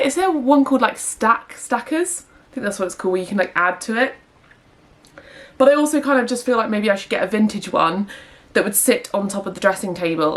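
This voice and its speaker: A young woman talks casually to her camera at home. She rambles a little, with plenty of fillers, in an everyday mid-range voice. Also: mid-range voice. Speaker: vlogger. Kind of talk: casual vlog chat. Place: home indoors.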